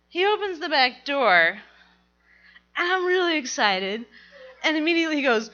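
A middle-aged woman telling a personal story to an audience, animated and laughing as she goes. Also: sits high, measured pace, pauses often, muffled recording.

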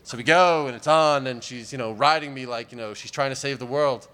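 A man's voice: mid-range voice, brisk, background noise. A man doing stand-up comedy, telling a long story in a rambling, wry way with many fillers.

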